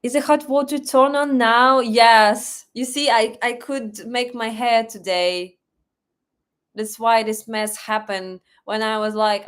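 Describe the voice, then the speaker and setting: A young Russian woman with a Russian accent hosts a relaxed live stream from home. She talks slowly in a fairly high voice. She is chatty, laughs often and fills gaps with "like" and "uh.". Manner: chatty, laughs often, thinks aloud with fillers. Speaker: livestream host. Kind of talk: casual live-stream chat reading comments. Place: home in Moscow.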